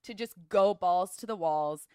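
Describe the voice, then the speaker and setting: A woman's voice: lowish voice, a little slow, dark tone, smooth, no echo, studio quality. Chatty young woman podcast co-host. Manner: chatty, emphatic, casual slang. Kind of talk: casual recap chat.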